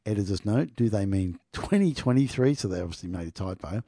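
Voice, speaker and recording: A man's voice: lowish voice, lively intonation, a little fast, hardly any pauses, warm tone, no room sound, studio quality. A middle-aged man hosting a podcast, telling travel stories in a rambling way and reading from an article, often repeating "people" for emphasis. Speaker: podcast host. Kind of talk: casual monologue and article reading.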